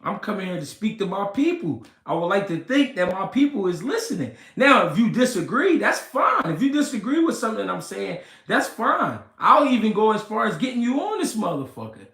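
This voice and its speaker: A man hosting a casual livestream, reading comments and talking slow and deliberate, repeating himself and swearing. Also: high-pitched, big pitch swings, creaky, fairly bright tone. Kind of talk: casual livestream talk about boxing. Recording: roomy echo.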